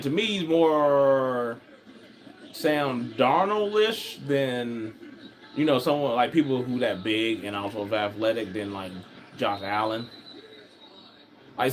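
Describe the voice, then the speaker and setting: A man's voice: medium pitch, unhurried, slight background noise. Rambling slangy man talking football. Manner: rambling, animated, slangy, repeats "I was like". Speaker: football fan commentator. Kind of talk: casual watch-along commentary.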